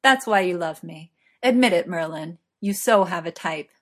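A woman's voice: fairly low pitch, lively intonation, moderate pace. Woman doing a cocky, teasing young man. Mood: boastful. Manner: teasing, boastful.

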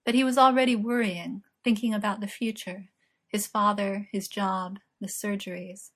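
A woman reading an audiobook as narrator, in a calm, even storytelling manner. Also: medium pitch, moderate pace. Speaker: audiobook reader. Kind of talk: scripted narration.

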